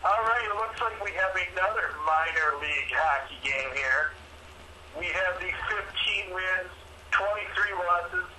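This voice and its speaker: A man's voice: sits high, a little slow, noisy background. A man co-hosting a sports picks show in casual banter, joking and mock-indignant as he makes his picks.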